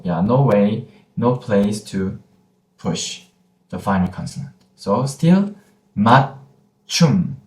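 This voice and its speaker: A man with a Korean accent teaching pronunciation in a gentle lesson, repeating each sound slowly. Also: fairly low pitch. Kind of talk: slow, patient pronunciation lesson. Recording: roomy echoey room.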